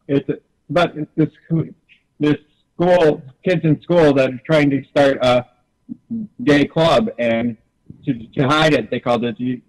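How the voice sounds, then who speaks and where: A man's voice: on the high side, steady tone, unhurried, poor audio. A man chatting loosely as a panelist on a talk show, joking around. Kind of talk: casual chat.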